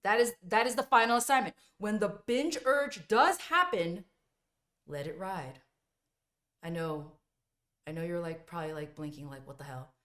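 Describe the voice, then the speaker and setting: A woman's voice: mid-range voice, normal speed, a bit bright. A woman coaching viewers through binge-eating recovery in an emphatic, blunt motivational talk, repeating points and sometimes swearing.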